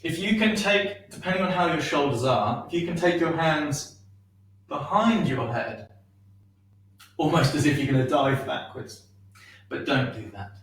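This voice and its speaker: A man teaching a shiatsu class, guiding breathing and stretches in a gentle, unhurried way with many pauses and ums. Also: a little high, expressive. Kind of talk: guided movement class. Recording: echoey room, far from mic.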